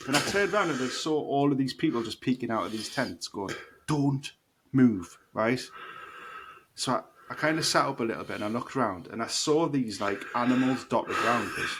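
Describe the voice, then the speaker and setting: Animated man telling a story. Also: medium pitch, a little fast. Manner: animated, swearing, laughing storyteller. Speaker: podcast co-host. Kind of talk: casual storytelling chat. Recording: noisy podcast recording.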